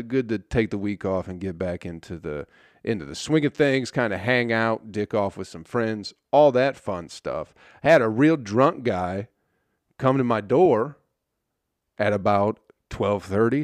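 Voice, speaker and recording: A man's voice: lowish voice, no echo. A young man hosting a podcast, telling a story in a loose, casual monologue full of swearing. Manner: laid-back storytelling, swears often. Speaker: podcast host.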